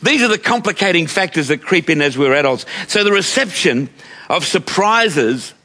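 An older Australian man gives a chatty, storytelling sermon in a high, ringing voice. He talks with a bright, forceful edge and often turns to ask his listeners questions. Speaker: preacher.

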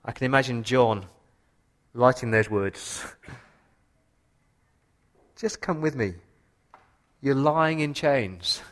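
A man preaching a sermon with passion, his voice rising for emphasis and dropping low for quiet points. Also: takes it slowly, long pauses. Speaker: pastor.

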